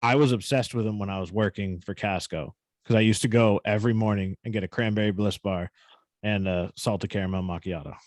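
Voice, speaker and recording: A man's voice: on the low side, steady tone, fairly quick, darkish tone, dry recording. A man co-hosting a podcast, telling a story in casual, profane chat with a New England accent. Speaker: podcast co-host.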